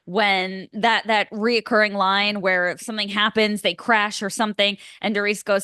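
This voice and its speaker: A woman co-hosting a relaxed movie podcast, with an ordinary mid-range voice. She talks loosely, full of filler words and the odd swear. Her voice comes through dry and close to the mic. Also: medium pitch, moderate pace, few pauses, clean tone, no echo. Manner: casual, swears freely, lots of "like" fillers. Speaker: podcast co-host. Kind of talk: casual movie chat.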